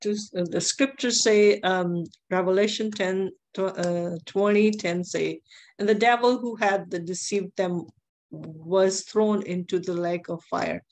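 A woman's voice: medium pitch, steady tone, unhurried, darkish tone. A woman preaching a sermon, telling a testimony in an earnest way and repeating phrases for emphasis.

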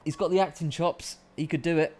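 A man's voice: a little high, fairly even intonation, brisk, darkish tone, slightly rough. A man hosting a live stream, chatting casually with viewers and reading out their comments, with a rambling, self-deprecating manner.

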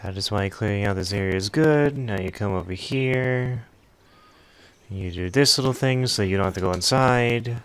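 A man's voice: fairly low pitch, a bit bright. A man streaming a game, giving laid-back, joking commentary and mocking the characters. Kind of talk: casual gaming commentary.

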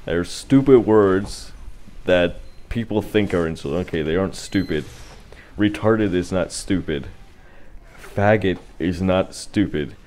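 Deep-voiced young man commentating gameplay. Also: unhurried, a little mellow, slight background noise. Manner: chatty, rambling, sarcastic asides. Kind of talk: casual let's-play commentary.

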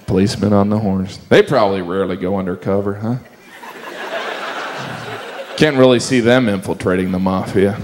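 A man performing a stand-up comedy set, dropping into high-pitched character voices. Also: steady tone, moderate pace, pauses often. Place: comedy stage. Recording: live room with audience noise. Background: audience laughter.

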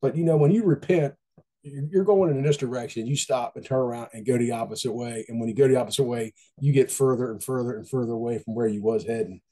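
This man talks through a casual devotional at a quick pace, his voice mellow and relaxed with a middle-range pitch. He's folksy and chatty, often looping back to say his points again.

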